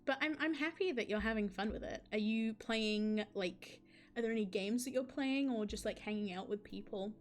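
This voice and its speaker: Chatty woman streamer, slightly high voice. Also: moderate pace, soft background music. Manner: chatty, laughs, asides to chat. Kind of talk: live game stream, reading story aloud and chatting.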